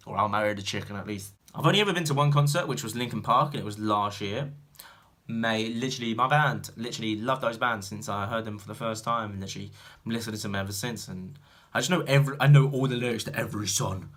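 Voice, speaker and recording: A young British man chatting to camera as a vlogger, rambling and full of fillers, swinging from loud animated bursts to mumbled asides. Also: fairly low pitch. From Britain. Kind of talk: casual chat to camera.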